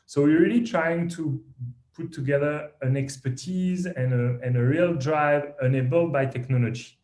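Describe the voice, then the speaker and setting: A man with a strong French accent speaks as a podcast guest. His voice sits a bit high, and he talks with animated, self-deprecating energy, often restarting his sentences. The recording has a noticeable room echo. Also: moderate pace. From France. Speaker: guest, company founder. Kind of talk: podcast interview.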